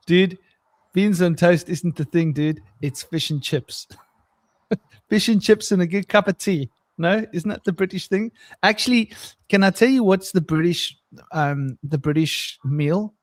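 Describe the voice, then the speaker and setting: A man's voice: fairly high pitch, dry recording, clean studio sound. A man hosting a casual podcast chat, rambling and repeating words, often breaking into laughter. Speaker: podcast host.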